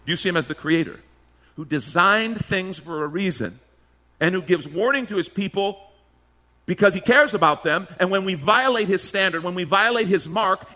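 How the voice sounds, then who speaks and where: A male pastor delivers a sermon with emphatic, questioning energy. His voice sits a little high and swoops widely as he drives each point home. The tone is bright and forceful. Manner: emphatic preaching with rhetorical questions and mimicked voices.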